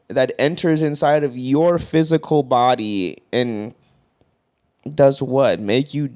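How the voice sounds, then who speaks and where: A young man co-hosting a podcast in casual chat, animated and profane, acting out bits of quoted voices. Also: medium pitch. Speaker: podcast co-host.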